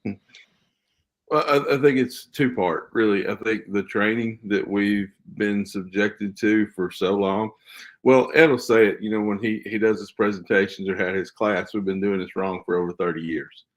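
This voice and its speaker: A man with a fairly low voice speaks as a guest on a casual podcast. He explains his views in an earnest, emphatic way, like someone who trains school staff. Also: steady tone, normal speed.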